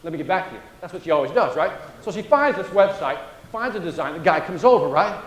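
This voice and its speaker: A man's voice: high voice, fast talker. A middle-aged man, a sales trainer, telling a story on stage and acting out the dialogue, often asking "right?" to the audience. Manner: animated, acts out dialogue, frequent "right?". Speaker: sales trainer and motivational speaker. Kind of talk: storytelling keynote talk. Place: large event room. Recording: echoey room.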